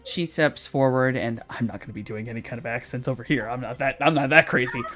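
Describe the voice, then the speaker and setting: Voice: medium pitch, quick pace, a bit bright, faint music behind. A game master narrating a tabletop role-playing scene in a casual way, with many fillers. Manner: casual, filler-heavy descriptions.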